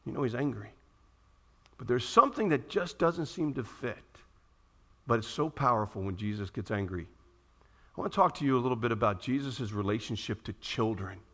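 A man preaching a sermon to a congregation in a church room, animated and posing questions to his listeners. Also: mid-range voice, fairly quick. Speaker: pastor.

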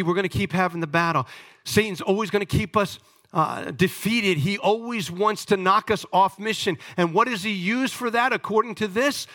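A man's voice: high voice, a bit bright. A male pastor delivering an emphatic sermon, calling on the congregation to respond.

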